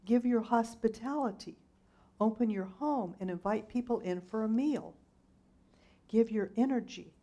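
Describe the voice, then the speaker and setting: A woman's voice: mid-range voice, warm tone. A middle-aged woman minister giving a sermon, relating a story in a conversational storytelling manner.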